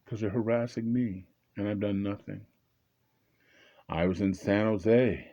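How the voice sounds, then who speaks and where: A man with a very low, mellow voice tells a personal story in a loose, conversational way, with stops and restarts. He raises his voice to act out heated exchanges. The recording sounds dull and lo-fi. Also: fairly even intonation, unhurried. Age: 20s at the time told, now older. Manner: conversational, re-enacts angry exchanges with rising voice; frequent fillers and repeated restarts.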